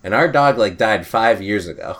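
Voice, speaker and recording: A man's voice: on the low side, expressive, normal speed, a bit bright. A man in casual chat with friends, telling stories animatedly and laughing often.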